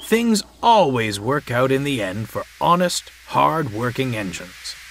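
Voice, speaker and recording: A man's voice: mid-range voice, very animated, a little slow, fairly bright tone, slight background noise, rough recording. A man voicing a young, friendly male diesel engine who speaks eagerly in a raised voice. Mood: hopeful.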